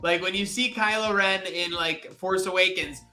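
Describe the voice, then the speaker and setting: Guy hosting a pod, high bright voice, loose and chatty w lots of likes. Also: moderate pace, faint music behind. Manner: animated, chatty with many fillers. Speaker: podcast host. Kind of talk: casual chat.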